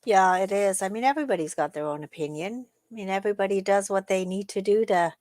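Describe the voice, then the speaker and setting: A woman co-hosts a relaxed morning chat in an upbeat, talkative manner. She keeps things friendly and full of little fillers. Her voice sits close to the mic with a dry, dead sound. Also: mid-range voice, fast, no echo. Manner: chatty, upbeat, frequent fillers. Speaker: co-host. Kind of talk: casual chat.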